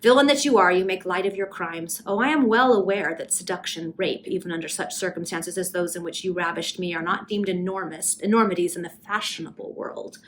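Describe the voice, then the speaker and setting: Woman reading vengeful young woman, hoarse, scornful, imperious, Victorian melodrama, faint background hiss. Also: fairly low pitch, fairly quick, hardly any pauses, natural voice, low-quality recording. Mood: accusing rage. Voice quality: hoarse with rage. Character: wronged vengeful young woman, bitter and furious. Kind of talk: amateur reading of a Victorian novel.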